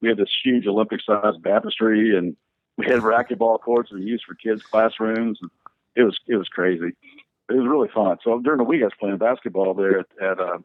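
A man's voice: lowish voice, a little fast, dry recording. A man, a pastor and church planter, telling stories in a rambling, filler-heavy way during an interview. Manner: rambling, many fillers and restarts, lively storyteller. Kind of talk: animated storytelling in a podcast interview. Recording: dry, tinny phone-like line.

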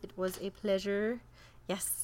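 A woman hosting a casual podcast, her speech loose and chatty. She laughs often between rambling announcements, and her voice sits in a middle pitch. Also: fairly even intonation, measured pace, a little mellow. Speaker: podcast co-host.

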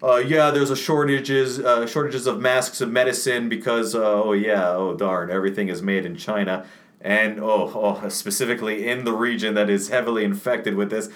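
A man mocking a smug, falsely calm official. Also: on the low side, moderate pace, voice pushed down, close to an everyday voice. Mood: smug dismissive. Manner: dismissive, sing-song reassurance.

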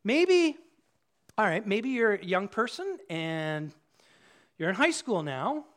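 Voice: medium pitch, very animated, slow pace. A preacher giving a casual, conversational sermon at a church service, acting out quotes in different voices.

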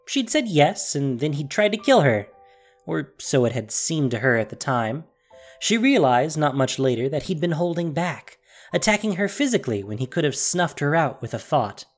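A narrator reading a fantasy story aloud in an expressive, dramatic storytelling manner. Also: mid-range voice, moderate pace, faint music behind. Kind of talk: scripted audiobook narration.

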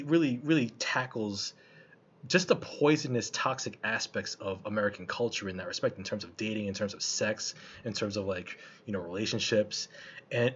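A man's voice: on the low side, husky. A man chatting casually about a film he saw, loose and colloquial, with lots of restarts and fillers. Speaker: film reviewer. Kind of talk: casual film review chat. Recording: slightly muffled lo-fi recording.

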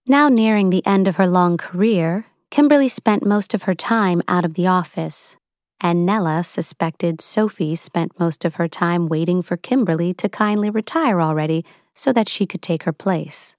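A woman narrates a novel for an audiobook, her scripted delivery wry and evenly paced as she tells the story. Her voice is fairly low at a moderate pace, recorded in studio quality with no room sound.

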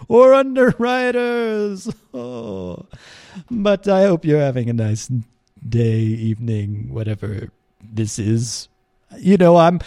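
A man's voice: high-pitched, darkish tone, full character voice. A man playing a chuckling, rambling old Santa Claus hosting a comedy radio show, laughing at his own jokes. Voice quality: chuckling, rambling, self-mocking. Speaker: radio host. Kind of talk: comedic radio character bit.

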